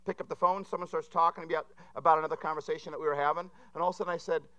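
A man preaching a sermon in an animated, conversational way, often checking in with his listeners. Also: a little high, rapid-fire, dry recording. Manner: animated and conversational, with frequent asides to the audience.

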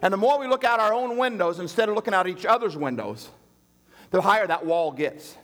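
A man preaching a sermon, telling a personal story, animated and shifting between hushed quoted voices and raised pleading. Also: high-pitched, brisk. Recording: long hall reverb.

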